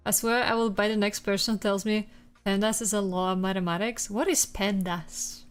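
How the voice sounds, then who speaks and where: A woman's voice: mid-range voice, fairly even intonation, moderate pace, smooth. A woman streamer chatting casually with viewers, rambling and swearing through exasperated rants.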